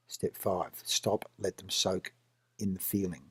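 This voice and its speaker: A man with an Australian accent, a business coach giving a plainspoken talk that fires off rapid strings of questions. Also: low voice, flat delivery, gravelly, fairly bright tone, husky, no echo. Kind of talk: coaching talk with role-played examples.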